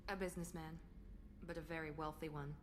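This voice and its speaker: Lady doing a cool proud officer in a game, kinda low voice. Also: steady tone, fairly quick, a little hiss or hum, lightly acted. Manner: cool, composed and self-assured. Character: engineered, proud woman officer, cool and guarded.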